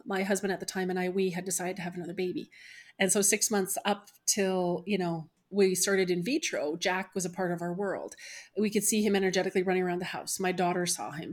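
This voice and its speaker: Earnest middle-aged woman telling a story. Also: on the low side. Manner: earnest, emotional retelling with quoted voices. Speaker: spiritual medium and guest. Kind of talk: storytelling in a podcast interview.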